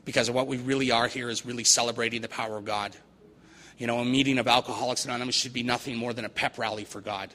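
A man's voice: mid-range voice, fairly even intonation, fast, sharp tone. A man giving a recovery meeting talk, earnest and repeating phrases for emphasis. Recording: long hall reverb, faint noise.

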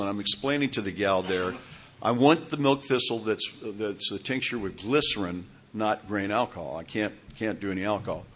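A man's voice: fairly low pitch, fairly bright tone. A man in his sixties telling his own recovery story in a rambling way, often checking in with his listeners. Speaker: recovery meeting speaker. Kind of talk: personal testimony talk.

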